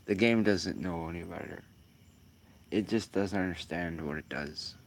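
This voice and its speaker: A man's voice: sits low, unhurried, gravelly. A man giving casual, rambling commentary while sim racing, musing aloud with lots of fillers.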